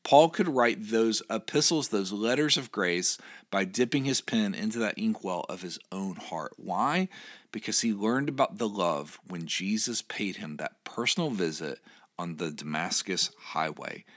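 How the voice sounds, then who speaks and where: Man, pastor, low voice, earnest encouraging devotional sermon. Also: expressive, unhurried, a bit bright. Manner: earnest, encouraging, reads scripture aloud.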